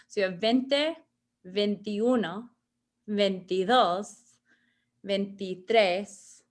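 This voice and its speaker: Woman, relaxed lesson host, chatty, self-correcting. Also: medium pitch. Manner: chatty, self-correcting, reads word lists slowly. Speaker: Spanish teacher on a show. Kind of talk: casual language lesson.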